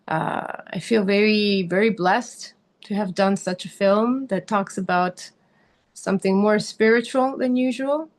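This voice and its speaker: Halting, earnest woman actress interviewed. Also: medium pitch. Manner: halting, searching for words, laughs easily; earnest, speaks of passion and spirituality. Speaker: actress guest. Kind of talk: interview answers.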